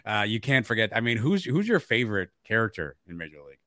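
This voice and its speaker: Man, podcast co-host, bright forceful voice, dry close sound, casual banter. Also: on the low side, quick pace, no echo. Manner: animated movie banter, quotes lines. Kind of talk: casual chat.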